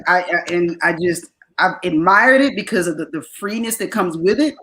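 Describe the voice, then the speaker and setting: A woman in a casual podcast chat, speaking carefully and haltingly as she picks her words. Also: lowish voice, animated, crowd noise, poor audio. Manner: halting, restarts while choosing words carefully. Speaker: podcast co-host.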